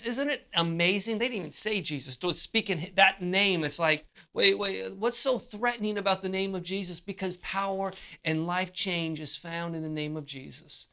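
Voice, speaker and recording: A preacher delivering a sermon, pausing often and repeating words as they build each point. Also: medium pitch, pushed and bright. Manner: slow, deliberate delivery with frequent repeated words and pauses.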